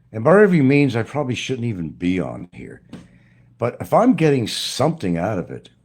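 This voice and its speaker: Man, YouTuber rant, profane and preachy, very animated pitch, husky. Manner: blunt, profane, preachy ranting. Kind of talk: ranting monologue to camera.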